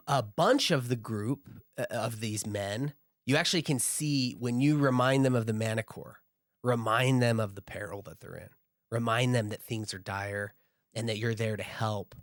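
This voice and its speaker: A man's voice: medium pitch, unhurried, no echo, studio quality. A man narrating a tabletop game as game master in a loose, casual way.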